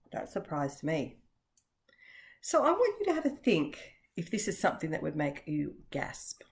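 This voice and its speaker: A woman teacher giving a children's vocabulary lesson, speaking slowly and encouragingly and pausing for answers. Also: on the low side, darkish tone. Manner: slow, sing-song and encouraging, with pauses for answers.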